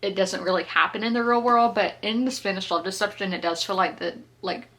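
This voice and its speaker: A woman's voice: medium pitch, brisk, fairly bright tone. A woman, chatting casually through a book review, laughing often and correcting herself as she goes. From South Carolina, US. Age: 20s. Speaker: book vlogger.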